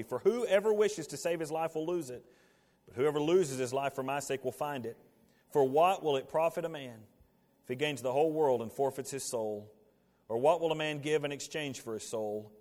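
A male pastor preaching a sermon, building to emphatic peaks and then dropping to quiet asides. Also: medium pitch. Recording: long hall reverb.

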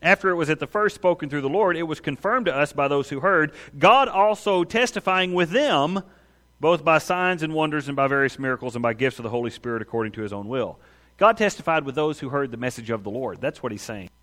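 Higher-voiced man preaching a sermon. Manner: animated preaching with quick acted voices; asks the congregation for amens. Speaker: pastor.

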